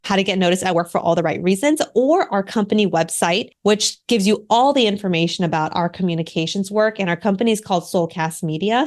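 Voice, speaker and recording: A woman in her thirties talks as a guest on an interview podcast. Her voice sits a little low for a woman. She is animated and emphatic, speeding up and slowing down on purpose to stress her words. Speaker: guest, communication coach and author.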